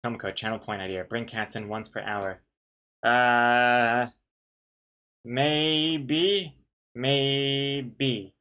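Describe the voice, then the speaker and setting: A man's voice: fairly low pitch, steady tone, a little slow, bright, forceful tone. A young man on a live stream, chatting casually while drawing a comic, reading out viewer messages and poking fun at himself. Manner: rambling, self-mocking, reads out chat messages and greets viewers.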